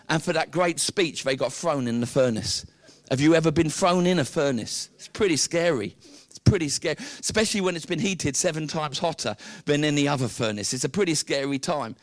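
Animated British preacher with a dry close sound. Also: male voice, a little high, fairly quick, few pauses, no room sound. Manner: animated storytelling, acting out the characters. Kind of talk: sermon.

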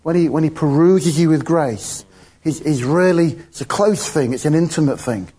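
Husky, mellow-voiced man preaching casually. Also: fairly high pitch, normal speed. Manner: chatty, laughs between points. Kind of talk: informal sermon.

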